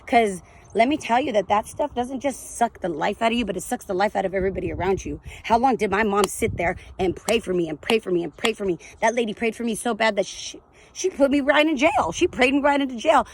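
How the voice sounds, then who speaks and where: A woman's voice: on the high side, brisk. A woman in her thirties candidly telling her addiction and recovery story in a raw, blunt, emotional way, swearing freely. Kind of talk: candid testimonial vlog.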